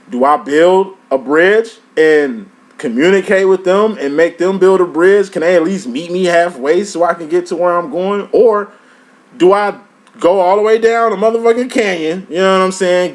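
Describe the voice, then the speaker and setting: A man giving a casual tarot reading, profane and emphatic, full of streetwise slang. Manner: animated, pitch jumps up and down. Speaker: tarot reader.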